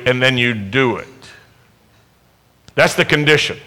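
Slow, bright-voiced male preacher. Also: fairly high pitch, expressive. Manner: emphatic, building to loud exhortations; asks the congregation rhetorical questions. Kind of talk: sermon. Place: worship service.

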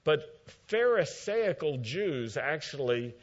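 A man preaching a sermon, retelling scripture with emphatic, measured storytelling and dry asides. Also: on the high side, very animated. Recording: dull lo-fi recording.

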